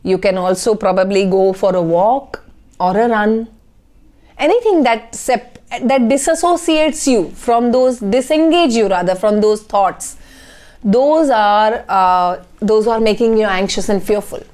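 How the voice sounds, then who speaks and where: A woman's voice: mid-range voice, unhurried, a little mellow. A woman, speaking as a life coach in a motivational talk to camera and checking in often with "okay?".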